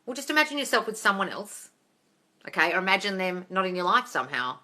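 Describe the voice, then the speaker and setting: A woman's voice: mid-range voice, sing-song, fast talker, pushed and bright. A woman hosting a casual live-stream Q&A. She reads out viewer comments, swears freely and calls listeners darling. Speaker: host of a manifesting Q&A live stream.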